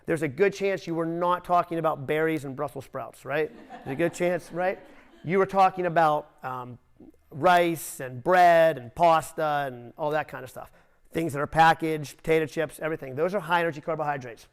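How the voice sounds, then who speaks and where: A man leading a nutrition seminar, talking straight to the group with direct coaching and quick asides. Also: a little high, smooth. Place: seminar room.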